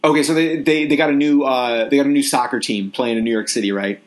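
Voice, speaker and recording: A man's voice: mid-range voice, fast. A young man co-hosting a podcast, chatting casually and rambling through lots of filler words. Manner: animated storytelling with acted-out quotes. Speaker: podcast co-host. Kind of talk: casual chat.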